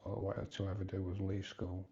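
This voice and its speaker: A man's voice: deep voice, monotone, brisk, mellow, lo-fi sound. A man in his fifties talking hesitantly in a personal confessional vlog, rambling and restarting often. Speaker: vlogger.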